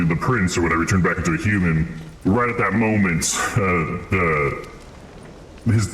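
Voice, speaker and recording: A man's voice: low voice, a bit bright, reverberant, a little hiss or hum, low-quality recording. A man streaming a game live, chatting casually and recapping the story in a rambling way with chuckles. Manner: rambling, chuckling, lots of fillers.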